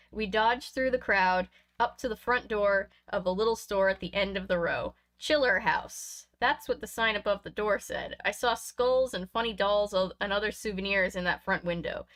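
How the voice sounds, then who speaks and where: A woman from Canada reading a children's book aloud in a lively, expressive way, with chatty asides between passages. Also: medium pitch. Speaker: reader and streamer. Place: home room with bookshelves.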